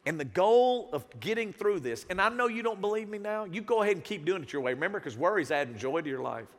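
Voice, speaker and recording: A man with a bright, high-pitched voice preaches in a church sanctuary, his words trailing into a long hall reverb. He swings between soft, intimate moments and loud bursts and keeps calling out to the congregation for a response. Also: big pitch swings, fast. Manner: calls out to the congregation. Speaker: pastor. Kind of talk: sermon.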